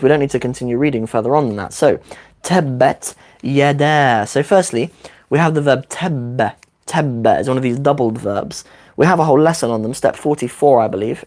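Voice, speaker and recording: A man in his thirties with a croaky voice from a cold, giving a chatty, upbeat live-streamed Arabic lesson as the teacher. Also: medium pitch, darkish tone. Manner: chatty, upbeat, quick asides. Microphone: desk microphone.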